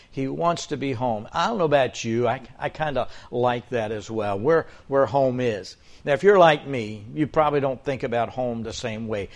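A man in his seventies preaching a sermon, folksy and storytelling, with joking asides to the congregation. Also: mid-range voice. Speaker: pastor.

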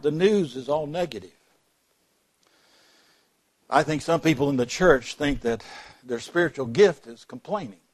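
High-voiced joking preacher. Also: male voice. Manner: storytelling, folksy and joking with the congregation. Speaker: pastor. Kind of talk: sermon. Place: church.

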